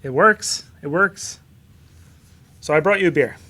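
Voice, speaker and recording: A man co-hosting a casual beer podcast, joking and telling stories in an animated way. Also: on the high side, unhurried. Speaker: podcast co-host. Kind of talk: casual chat.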